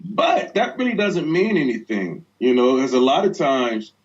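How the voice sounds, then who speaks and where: A man's voice: mid-range voice, big pitch swings, normal speed. A male actor as an interview guest, telling anecdotes in a laid-back way and laughing often. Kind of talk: relaxed interview storytelling. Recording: dull lo-fi sound.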